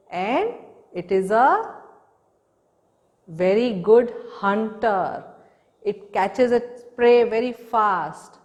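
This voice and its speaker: A woman's voice: mid-range voice, a little mellow, big-room sound. A woman teaching a recorded lesson to small children, patiently asking questions and repeating the answers. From India. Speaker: preschool teacher.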